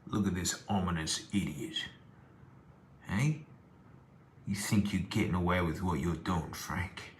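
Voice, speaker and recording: A man putting on the voice of a menacing male stalker who speaks in hushed, threatening tones. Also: deep voice, measured pace, pauses often, a little hiss or hum, pitched below the performer's own voice.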